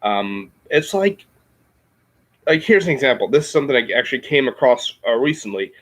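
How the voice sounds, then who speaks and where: A man with a Midwestern American accent, explaining things in a casual chat, halting with many ums and restarts. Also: medium pitch, sing-song, fairly bright tone, rough recording. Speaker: podcast host.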